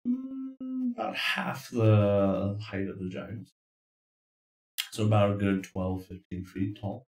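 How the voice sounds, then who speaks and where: A man running a tabletop game as game master, explaining rulings in a relaxed way with pauses. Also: lowish voice, creaky, reverberant, rough recording.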